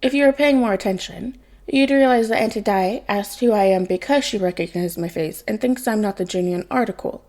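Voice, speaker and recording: A woman's voice: mid-range voice, a little fast, a little mellow, close to an everyday voice. A woman reading the part of a cocky young man who is posing as a masked vigilante, smug and theatrical.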